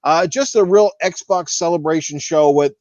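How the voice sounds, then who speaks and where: A man chats and plugs his gaming show, his slightly high voice worn out from talking. The recording is dry and a little dull. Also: normal speed, darkish tone, dry recording. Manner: chatty, promotional. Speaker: podcast guest and gaming show host. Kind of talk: casual podcast chat.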